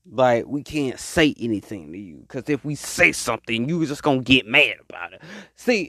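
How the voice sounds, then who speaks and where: A man giving casual relationship advice to women in an animated, repetitive, rambling way, often mocking. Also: mid-range voice, moderate pace, dry recording, studio quality.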